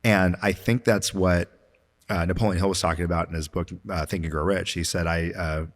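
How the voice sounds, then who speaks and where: Deep-voiced motivational man in a reverberant room. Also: fairly even intonation, fairly quick. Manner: earnest, motivational, filler-heavy. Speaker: podcast guest, business owner. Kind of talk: casual interview talk.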